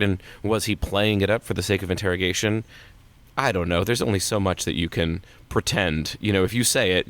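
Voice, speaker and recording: Author guest, male, very deep voice, lively and emphatic delivery. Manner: animated, emphatic pitch jumps. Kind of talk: casual podcast interview.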